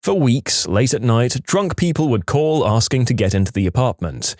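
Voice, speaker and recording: Animated male story narrator, dry sound. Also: medium pitch, moderate pace, no room sound. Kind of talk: scripted narration.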